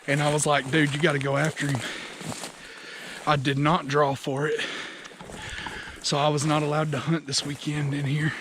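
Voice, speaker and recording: A young man talking as he walks outdoors in a hunting vlog, in a steady, matter-of-fact way. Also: fairly high pitch, moderate pace. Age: young adult. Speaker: hunter. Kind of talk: walk-and-talk hunting vlog. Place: outdoors in the woods. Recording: outdoor recording with clear background noise.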